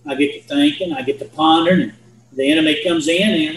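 A man preaches in a high, earnest voice, folksy and full of questions to his listeners. His voice rings through a roomy hall. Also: fairly quick, slight background noise. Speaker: Bible teacher. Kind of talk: sermon.

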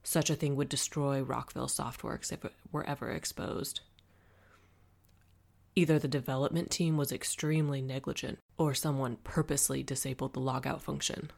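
Storybook gentleman, calm and measured, low and gravelly, as read by a woman. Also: exaggerated voice. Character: young gentleman, calm and serious.

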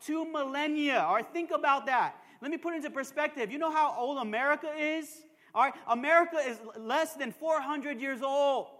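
High-voiced male pastor preaching in a reverberant church. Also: a little fast, few pauses, a bit bright. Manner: emphatic preaching with call-and-response asides; joking, conversational asides. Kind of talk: sermon. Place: church sanctuary. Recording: long reverb of a church hall.

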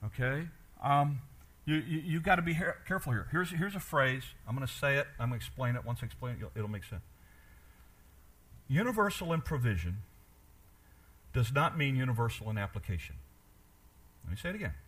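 A man preaching a sermon as pastor, animated and asking his congregation questions, dropping quiet for emphasis. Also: mid-range voice, a little fast, pauses often, husky.

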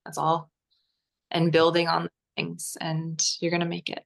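A woman author as an interview guest, speaking gently and reassuringly, pausing with fillers. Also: fairly low pitch, monotone, gravelly. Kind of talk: interview answers.

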